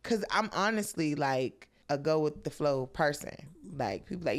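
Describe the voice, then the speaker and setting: A woman's voice: low voice, lively intonation, moderate pace. A woman guest on a podcast, telling stories in a laid-back casual chat, with many "like"s. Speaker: comedian guest.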